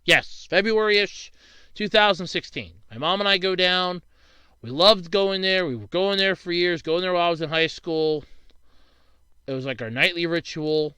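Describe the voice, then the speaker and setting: Young guy doing a rambling Q&A vlog, swears when ranting, bright clear voice. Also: high voice, moderate pace, no echo. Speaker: YouTuber answering viewer questions. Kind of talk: casual Q&A monologue.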